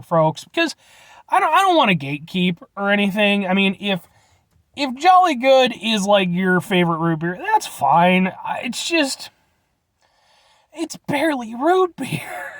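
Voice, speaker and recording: A young man from Illinois reviews a drink in a loose, rambling monologue, full of restarts and casual cursing. His pitch moves a lot, rising and falling within a sentence. The sound is close and dry, with no room around it. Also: very animated, normal speed, a bit bright, no echo. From Illinois, USA. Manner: rambling, blunt, swears casually, hesitant restarts. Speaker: vlogger reviewing root beer.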